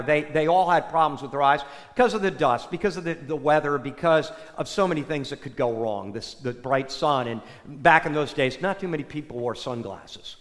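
A man preaching a sermon, telling stories in an animated way that swings between loud and soft. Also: on the high side. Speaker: priest. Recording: long hall reverb.

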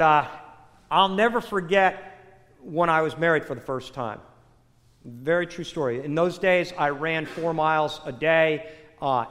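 An older man preaching a sermon, telling a personal story with animated swings between loud bursts and hushed, quiet lines. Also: fairly high pitch. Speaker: pastor. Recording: long reverb of a large hall.

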